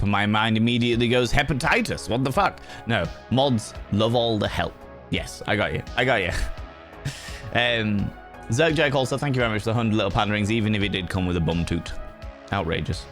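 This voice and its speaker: A man hosting a livestream, chatting to viewers in a playful, effusive way, with sudden jumps in pitch and some swearing. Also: fairly bright tone. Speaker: livestream host. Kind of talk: casual chat reading viewer messages. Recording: faint music behind.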